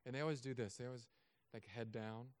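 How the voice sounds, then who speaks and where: A man preaching a sermon as a pastor, telling stories with self-mocking humor and often dropping to soft, quiet tones. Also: medium pitch, steady tone, fast talker, clean tone.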